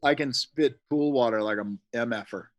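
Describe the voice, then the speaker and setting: A man's voice: medium pitch, moderate pace, poor audio. A middle-aged man, a special effects artist guesting on a podcast, talking casually in a rambling, jokey way and swearing freely.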